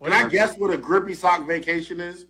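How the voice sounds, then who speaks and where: A man co-hosting a show, teasing in casual banter, with his voice jumping up when he gets excited. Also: a little fast, crowd noise. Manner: animated, teasing, jumps up in pitch when excited. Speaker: co-host.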